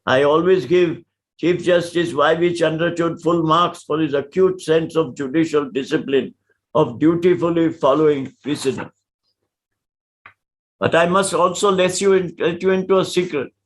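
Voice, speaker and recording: An older man with an Indian English accent gives a lecture, telling anecdotes in a measured, emphatic way. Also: a little high. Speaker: senior lawyer giving a lecture.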